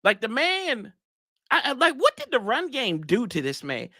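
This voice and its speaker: A man's voice: extremely high pitch, huge pitch swings, normal speed, pushed and bright, dry recording, clean studio sound. A man hosting a casual sports show, ranting in a rambling, exasperated way with slangy asides to his viewers. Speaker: sports podcast host.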